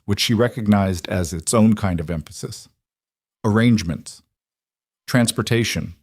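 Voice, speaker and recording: Low-voiced male story narrator. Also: darkish tone, no echo, studio quality. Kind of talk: scripted audiobook narration.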